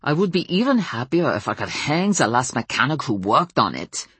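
A woman voicing a grumpy older male mechanic with a German accent, growling and muttering slowly. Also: low voice, animated, breathy edge, dry recording. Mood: grumbling. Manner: growling, muttering, slow and surly.

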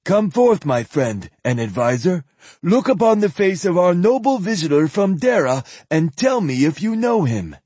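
An oily, lisping old priest with a raised, sing-song voice that swoops about, as a man narrating puts him on, in a dry, close audiobook reading. His tone is husky and he sounds sly and self-satisfied. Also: sing-song, moderate pace, a little mellow, no echo, heavily acted. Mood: unctuous. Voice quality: lisping, high and unctuous. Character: lisping elderly male zealot priest, sly.

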